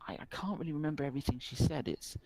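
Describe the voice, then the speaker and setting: A man's voice: a little high, expressive, racing, creaky, darkish tone, pitched above the performer's own voice. A man voicing a timid, polite young boy with a slightly rural accent, who stammers and forgets things, in a tabletop game. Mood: anxious.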